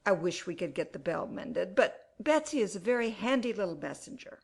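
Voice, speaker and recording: A woman's voice: medium pitch, lively intonation, fairly quick, gravelly, breathy edge. An actress playing an anxious, fussing middle-aged mother in an audiobook dramatization. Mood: fretful.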